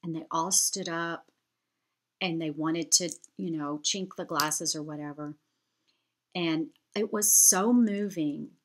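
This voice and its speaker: A woman's voice: low-pitched, slow, background noise. A woman, chatting to camera as she tells a heartfelt story. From United States. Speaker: vlogger.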